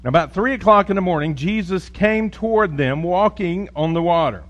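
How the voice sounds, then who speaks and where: A man with a fairly high voice preaches as a pastor. He reads scripture, prays and tells stories in a folksy, joking way. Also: animated, normal speed, lo-fi sound. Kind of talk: sermon with scripture reading and prayer.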